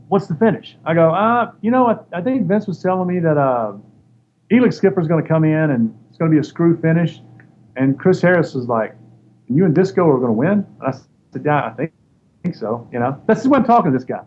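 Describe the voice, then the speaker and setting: A man's voice: fairly high pitch, a little fast. A man telling stories as an interview guest, acting out the other people's voices as he goes. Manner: animated storyteller acting out quoted voices. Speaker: interview guest, former wrestler. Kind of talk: casual storytelling. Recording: dull lo-fi sound with faint noise.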